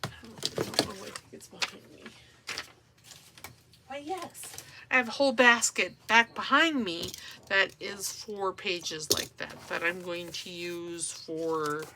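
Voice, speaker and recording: A woman's voice: on the low side, measured pace. A woman chatting casually while she makes a junk journal, rambling and talking to herself as she works. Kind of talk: casual crafting tutorial chat. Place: home craft room. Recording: noisy home recording. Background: dog and paper rustling.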